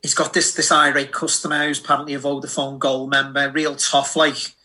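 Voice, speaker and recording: A man, telling a sweary, animated story in a casual chat. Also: medium pitch, a little fast. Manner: animated, sweary, acts out voices in anecdotes. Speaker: podcast co-host.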